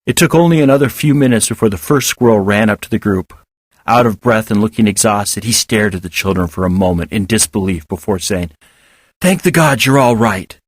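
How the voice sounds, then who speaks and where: A man narrating a serialized children's story as an audiobook with expressive storytelling. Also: fairly low pitch, a little fast, no echo, studio quality. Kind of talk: audiobook reading of serial fiction.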